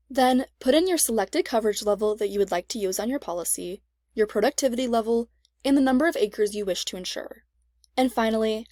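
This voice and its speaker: A woman reading a scripted step-by-step software tutorial as an extension instructor, in an even, measured way. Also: a little high, no echo, clean studio sound.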